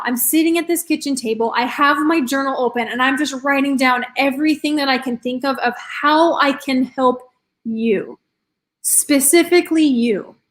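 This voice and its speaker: A woman health and confidence coach giving an enthusiastic live online presentation, telling a story and speaking straight to her audience. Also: high voice.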